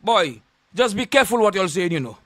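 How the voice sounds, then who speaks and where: A man with a Saint Lucian accent rants on the radio, his voice sitting unusually high for a man. He hurls insults and keeps repeating his warnings in a combative, confrontational way. The sound is dry, with no room echo. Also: big pitch swings, brisk, fairly bright tone. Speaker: radio host. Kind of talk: on-air rant.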